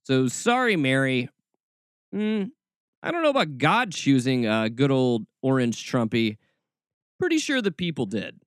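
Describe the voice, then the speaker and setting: A man's voice: medium pitch, measured pace, clear, resonant tone, dry recording, clean studio sound. A man hosting a podcast, giving snarky, exasperated commentary. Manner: sarcastic, exasperated, animated. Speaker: podcast host.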